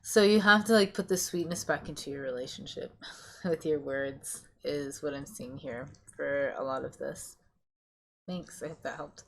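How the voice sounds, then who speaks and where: A woman giving a casual pick-a-card tarot reading, rambling and hesitant with many pauses and restarts. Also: deep voice, a bit bright. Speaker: tarot reader.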